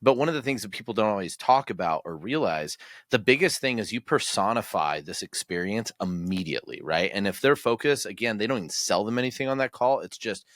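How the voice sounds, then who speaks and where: Male podcast host, low voice, enthusiastic and chatty, dry sound. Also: animated, fairly bright tone, no echo. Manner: enthusiastic, quick bursts of agreement and laughter. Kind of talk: casual podcast interview.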